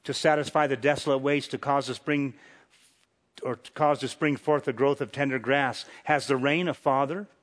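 A man's voice: medium pitch, fairly even intonation, normal speed, fairly bright tone. A man preaching a sermon, reading scripture dramatically and pressing rhetorical questions with chuckles. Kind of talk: sermon, Bible exposition.

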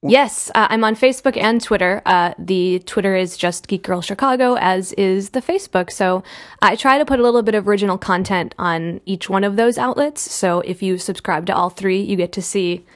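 A woman's voice: mid-range voice, moderate pace. A woman guesting on a casual podcast, chatty and bubbly. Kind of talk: casual chat.

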